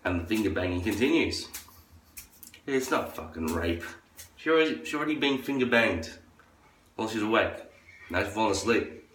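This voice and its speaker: A man's voice: animated, moderate pace, pauses often, a bit bright, a little hiss or hum. A man delivering a crude, profane, rambling monologue as a vlogger. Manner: crude, profane ranting; acts out others in a high falsetto. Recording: echoey room, far from the mic.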